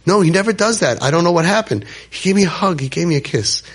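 A man's voice: sits high, animated, fast, husky, pitched above the performer's own voice. A man voicing an overwhelmed young man who repeats himself in shaken disbelief. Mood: stunned.

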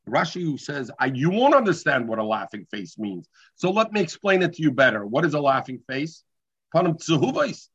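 A man's voice: mid-range voice, a bit bright, breathy edge, dry recording. A man teaching a Talmud class, mixing English with Hebrew and terms and often restarting his sentences. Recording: dull lo-fi recording.

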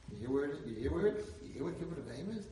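A man giving an inspirational Torah lecture, telling a story and building to loud, emphatic peaks. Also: a little high, very animated, very fast, far from the mic, slight background noise. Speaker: rabbi lecturer. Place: lecture hall. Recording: echoey hall, speaker away from mic.

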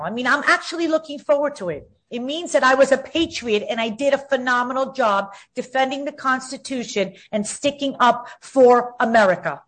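Emphatic fifties woman, combative guest. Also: sits high. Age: 50s. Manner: emphatic, combative, repeats words when heated. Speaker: interview guest. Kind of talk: outspoken interview talk.

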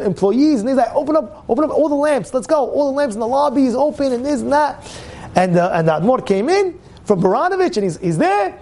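High-voiced preacher, animated. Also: male voice. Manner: lively, repeats words, acts out quotes. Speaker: rabbi teaching a Torah class. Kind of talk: animated sermon storytelling.

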